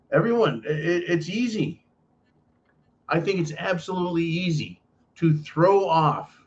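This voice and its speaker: Ranting man on dull lo-fi audio. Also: on the high side. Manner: emphatic, profane, repetitive. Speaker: political commentary host. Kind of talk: ranting monologue.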